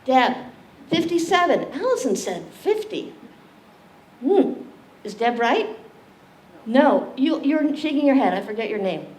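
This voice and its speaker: Lively woman lecturing in an echoey room. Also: fairly high pitch, a little slow, pauses often. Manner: animated, jokey, questions the audience. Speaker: lecturer leading a community library talk. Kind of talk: interactive public lecture. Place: library meeting room. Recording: echoey room, distant mic, faint hiss.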